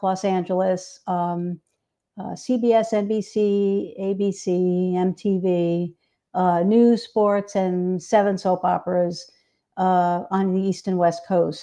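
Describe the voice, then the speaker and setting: Mellow, reflective woman author guest. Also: medium pitch. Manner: reflective, halting with many ums. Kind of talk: interview answers.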